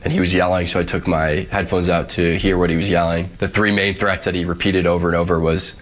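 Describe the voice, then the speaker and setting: Deep-voiced man giving a measured account. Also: flat delivery. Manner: earnest, measured, explanatory. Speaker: interviewee recounting an incident. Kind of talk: recorded statement played on air.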